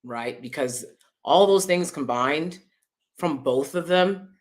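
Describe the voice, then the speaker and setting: A woman hosting her own vlog, talking through celebrity news in a chatty, expressive way and laughing often. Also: low voice, slow pace. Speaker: vlogger host. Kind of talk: casual opinion commentary.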